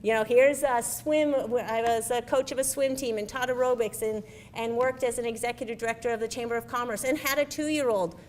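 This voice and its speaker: A middle-aged woman giving a lively personal storytelling speech as a military spouse, animated and full of quoted dialogue. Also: a little high, fairly quick, a little hiss or hum.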